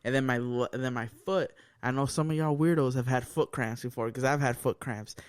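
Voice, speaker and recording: A mid-pitched man co-hosting a podcast, telling a story in casual conversation. He is animated and profane, and keeps chuckling through his own story. He sits close to a dry, deadened mic. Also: fairly quick, clean tone, no room sound. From United States. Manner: animated, swears a lot, laughs while telling stories. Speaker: podcast co-host.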